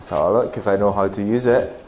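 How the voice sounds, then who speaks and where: A man's voice: lowish voice, fairly quick, loud music behind the voice, a loud crowd. A man with an Italian accent giving a chatty, joking presentation at a conference, with many fillers and restarts. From Italy. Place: conference hall.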